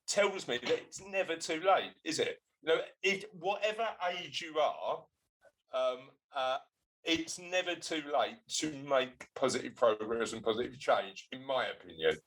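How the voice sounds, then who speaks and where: A man's voice: medium pitch, animated, a little slow, a bit bright, a little hiss or hum, rough recording. Chatty, teasing man hosting a podcast. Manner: chatty, teasing, laughs often. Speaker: podcast host. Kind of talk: casual chat.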